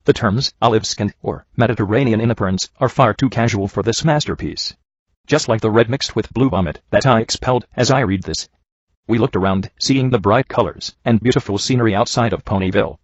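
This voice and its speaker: A man reading a badly written story aloud in a dry, sarcastic, deadpan way, mocking it as he goes. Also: lowish voice, fairly quick, dry recording. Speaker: reviewer reading bad fanfiction. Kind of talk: dry comedic reading and commentary. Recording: dull lo-fi home recording.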